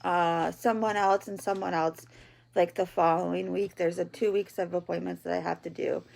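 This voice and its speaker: A woman in her thirties talking in a personal video diary from home, halting and tearful, with many pauses and ums. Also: lowish voice, fairly even intonation, creaky, darkish tone, slight background noise. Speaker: vlogger, patient. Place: at home, in bed.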